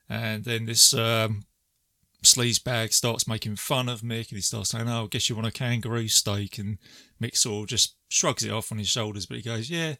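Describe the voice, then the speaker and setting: A man's voice: fairly low pitch, gravelly, bright, forceful tone, no room sound, clean studio sound. A man co-hosting a casual movie podcast, retelling scenes with quoted lines and frequent laughs. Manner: chatty storyteller, quoting lines and laughing. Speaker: podcast co-host. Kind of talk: casual movie recap chat.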